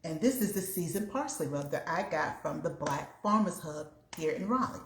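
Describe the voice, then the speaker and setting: Casting: woman host of a home cook-along, slightly low voice, chatty, echoey kitchen. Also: expressive, normal speed, a little hiss or hum. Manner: chatty, talks to viewers while cooking. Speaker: home cooking show host. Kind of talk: casual cook-along chat.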